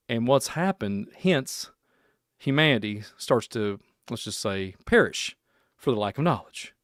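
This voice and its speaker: A Kentucky man hosts a solo reaction podcast, chatting casually in a folksy, rambling way and laughing often. He has a medium-pitched voice, recorded cleanly in a studio with no echo.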